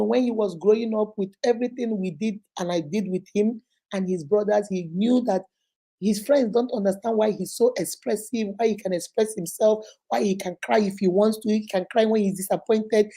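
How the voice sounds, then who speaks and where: A woman's voice: mid-range voice, brisk. A middle-aged woman with a Nigerian accent hosting a casual talk show, talking emphatically and slipping into Pidgin. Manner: emphatic, animated, mixes in Pidgin. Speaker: host.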